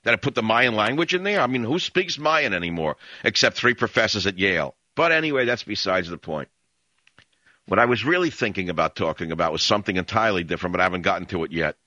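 A sardonic, rambling talk radio host with strong opinions speaks into a studio microphone, mixing monologue with call-ins. He sounds fairly low yet pushed and bright, animated and fast, in a dry, muffled recording.

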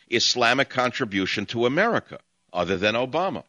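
A man's voice: on the low side, expressive, quick pace, sharp tone, no room sound, muffled recording. A man hosting a call-in talk radio show, ranting combatively at his callers in long monologues. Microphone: studio mic.

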